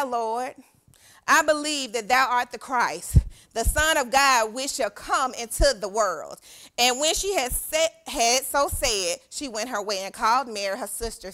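A woman youth pastor preaches in a church sanctuary. Her voice sits a little high and rings bright and forceful as she reads scripture, then drops into lively call-and-response with the congregation. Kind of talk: sermon reading scripture aloud.

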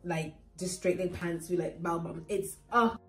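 Young woman, low-pitched, chatty and rambling, slightly sore throat, casual home vlog. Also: steady tone, moderate pace, breathy edge, faint music behind. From England. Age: 20s. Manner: chatty, filler-heavy, talks to camera. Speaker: vlogger.

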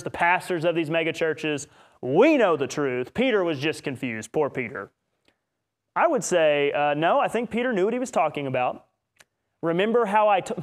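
Animated, higher-voiced male preacher. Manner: animated, with joking asides and mock voices. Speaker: preacher teaching a Bible study series. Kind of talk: Bible teaching session.

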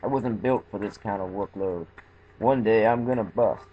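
A cranky, stubborn old male steam tank engine from a homemade storybook video, voiced by a man. He grumbles in a lowish, unhurried voice. The recording sounds dull and carries a faint hiss. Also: natural voice. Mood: grumbling.

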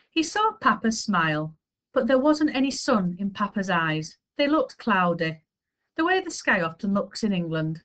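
A woman reading a children's chapter book aloud with expressive storytelling. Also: medium pitch, normal speed. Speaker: story reader.

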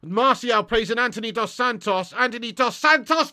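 A young man ranting angrily and loudly as host of a live football watch-along, swearing constantly. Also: very high voice, lively intonation, moderate pace, few pauses, no echo. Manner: angry, sweary, loud ranting. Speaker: football fan livestream host.

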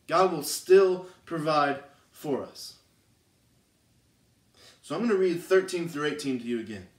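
A man's voice: on the high side, expressive, unhurried. A man giving a casual youth sermon, retelling scripture conversationally and checking in with listeners. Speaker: youth pastor. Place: church. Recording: roomy, distant mic.

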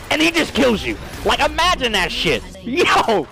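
A young man talks over his gameplay in a high, bouncy voice that swoops up and down. His chatter is crude and excitable, and he breaks into sudden shouts. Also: moderate pace, vocal fry, few pauses. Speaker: streamer. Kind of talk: casual gaming stream chatter.

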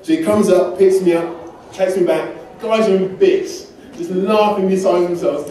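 An Englishman preaches a sermon in a church hall, sharing personal stories conversationally with self-deprecating humor. His voice is high and dark in tone, moving at a normal speed with few pauses. A distant mic captures the echoey hall, along with a little hiss or hum.

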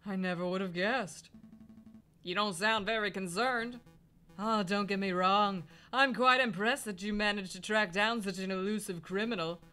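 Player putting on a smug nosy bird rival, cool and bright. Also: mid-range voice, normal speed, smooth, soft background music, lightly acted.

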